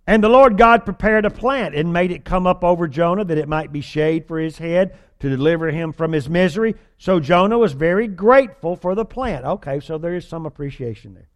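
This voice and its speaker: A man preaching a sermon with a folksy, humorous delivery, acting out whiny voices with exaggeration. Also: on the high side.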